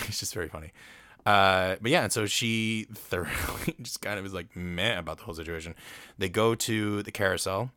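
Man, casual solo film recap, bright sharp tone, loose and rambling. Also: low-pitched, no echo. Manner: rambling, swears casually, acts out quotes. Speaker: film commentator.

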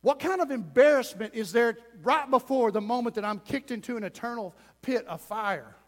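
High-voiced impassioned preacher. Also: male voice, normal speed, big-room sound. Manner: impassioned, swings between loud and hushed. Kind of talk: sermon.

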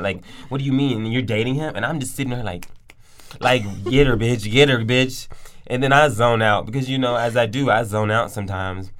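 A man's voice: medium pitch, fairly bright tone. A young man co-hosting a casual podcast, making dry, wry asides and mimicking the people he quotes. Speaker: podcast co-host. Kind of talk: casual chat.

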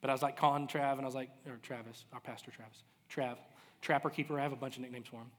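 A man in his thirties, a pastor telling a personal story in a sermon, animated and self-deprecating. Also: medium pitch, quick pace. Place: large church hall. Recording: reverberant hall.

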